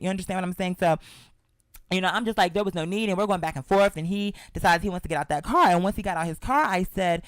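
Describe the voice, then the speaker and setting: A chatty, sassy show host tells a story straight to the listener and keeps calling them "girl". The pitch sits in the middle range. The sound is dry and close, with no room echo. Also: clear, resonant tone. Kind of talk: casual storytelling monologue.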